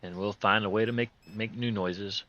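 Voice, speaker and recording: A low-pitched man with a hoarse voice that is still recovering chats through a game session as a host, his tone sharp and forceful yet steady. At a moderate pace he rambles, jokes and chuckles often, using folksy, loose grammar in casual gameplay commentary. The recording is muffled, with a little hiss or hum.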